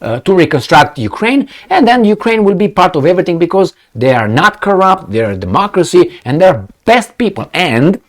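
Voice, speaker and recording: A man's voice: high-pitched, normal speed, hardly any pauses. A man giving a heated political commentary, cursing, with frequent fillers and restarts. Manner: animated, heated, profane, many fillers and restarts.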